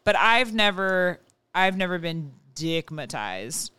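A woman's voice: on the low side, very animated, takes it slowly, sharp tone, smooth. Blunt, teasing young-sounding woman. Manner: blunt, profane, teasing, laughs a lot. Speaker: podcast co-host. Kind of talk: casual chat.

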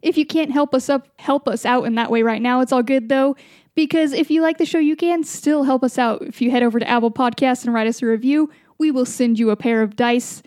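A woman's voice: high voice, fairly quick, a little mellow, dry recording, clean studio sound. A woman hosting a podcast, chatting casually with friends and reading the show's outro, upbeat and swearing freely. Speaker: podcast host.

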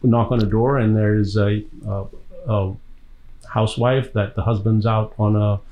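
A man from Tanzania, an actor being interviewed, telling long, lively stories with a laugh between them. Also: on the low side, measured pace, muffled recording. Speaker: actor guest. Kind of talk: casual interview storytelling.

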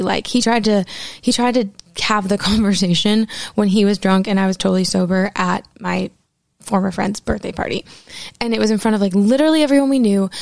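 Woman, twenties, candid profane storytelling, vocal fry, dry close recording. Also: medium pitch, darkish tone, dry recording. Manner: candid and profane, with vivid retold quotes.

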